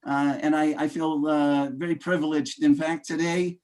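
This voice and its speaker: High-voiced man giving motivational speech. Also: level tone, normal speed. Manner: emphatic, addresses audience as ladies and gentlemen, fillers. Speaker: motivational speaker guest.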